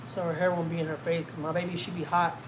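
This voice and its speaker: Her voice runs on the low side with little pitch movement, and she talks fast against a noisy background. She's a Houston, Texas family vlogger chatting casually on a home livestream, rambling and self-teasing while reading viewer comments aloud.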